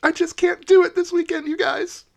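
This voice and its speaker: A man voicing a crude young woman in a hoodie, raising his voice to a high, pleading tone. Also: level tone, moderate pace, gravelly.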